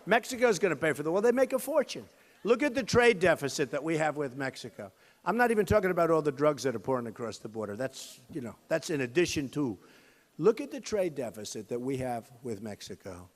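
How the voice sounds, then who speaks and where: Emphatic man at a rally, big hall reverb. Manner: repetitive, emphatic, swings from loud outbursts to low asides. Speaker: presidential candidate. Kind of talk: campaign rally speech. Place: high school gym with a crowd.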